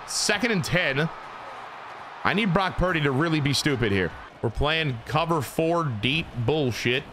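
A man giving casual, profanity-laden commentary while playing a football video game, swinging between frustrated yelling and low mumbling. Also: slight background noise. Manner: excitable, swears a lot, swings from yelling to mumbling. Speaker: gaming YouTuber.

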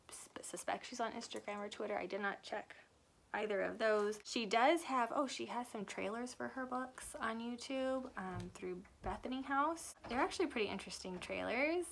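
A woman's voice: a little high, gravelly, fairly bright tone, a little hiss or hum. A young adult woman and author giving a chatty, rambling book review that often corrects itself. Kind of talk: casual book review chat.

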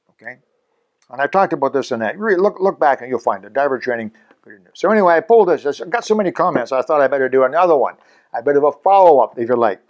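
This Canadian man in his seventies, a scuba instructor with his own channel, speaks in a mid-range voice. He addresses the camera casually and chattily, joking at his own expense and chuckling between points.

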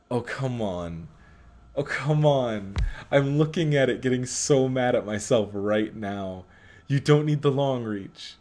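A man's voice: mid-range voice, darkish tone. A young man casually commentating his own gameplay, frustrated and muttering at himself about his mistakes. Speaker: gaming channel host. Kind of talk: casual let's play commentary.

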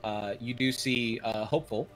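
A man's voice: mid-range voice, moderate pace, soft background music, low-quality recording. A man narrating a tabletop game as dungeon master, with many "uh" fillers. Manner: relaxed narration full of "uh" fillers.

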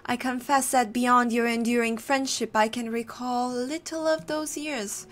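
A woman voicing a tormented gentleman haunted by a dark vision, reading his game dialogue aloud in a put-on, slightly odd accent. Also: a little high, fairly even intonation, unhurried, close to an everyday voice. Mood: brooding. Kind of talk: let's play dialogue reading.

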